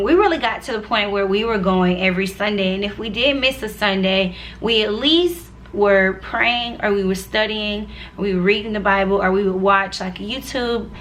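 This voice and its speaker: A young woman in her twenties talks straight to her viewers, telling her story in a chatty, earnest way. Her voice is bright and clear at an ordinary pitch, and she speaks with plenty of "like"s and friendly asides. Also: steady tone, normal speed, slight background noise. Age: 20s. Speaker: vlogger sharing her faith testimony. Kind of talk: casual personal testimony.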